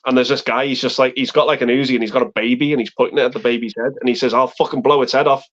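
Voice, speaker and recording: A man in a loose, profane film chat on a live stream, wandering through his points and acting out movie lines. His voice sits at a middle pitch. The stream audio is muffled and lo-fi. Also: fairly even intonation, racing.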